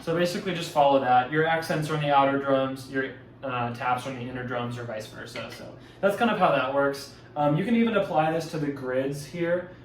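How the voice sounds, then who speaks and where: A man coaching drumline gives a loose walkthrough of audition exercises, filling pauses and correcting himself along the way. He talks briskly in a mid-range voice. The recording comes from a mic at a distance in an echoey room, with a little hiss or hum.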